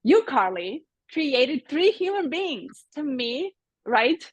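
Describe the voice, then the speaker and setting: A woman guest on a podcast speaking slowly and deliberately in spiritual terms. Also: high-pitched, very animated, no echo, muffled recording. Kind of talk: casual podcast conversation.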